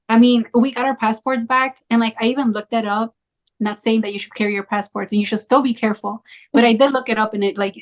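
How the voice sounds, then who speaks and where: A young woman in casual conversation, telling a travel story in a chatty, animated way with lots of fillers. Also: a little high. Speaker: travel creator.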